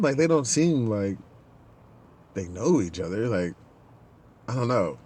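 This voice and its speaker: Male podcast host with a lively, swinging pitch. He tells a casual story and acts out the people in it. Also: unhurried, long pauses, a little hiss or hum. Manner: animated, acts out the people in his stories.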